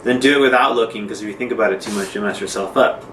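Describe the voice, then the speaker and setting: A man's voice: fairly low pitch, racing, fairly bright tone. A man teaching drum rudiments in a casual, informal way, talking through exercises with fillers as he demonstrates. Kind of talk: casual instructional talk. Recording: echoey room, mic far off, noisy.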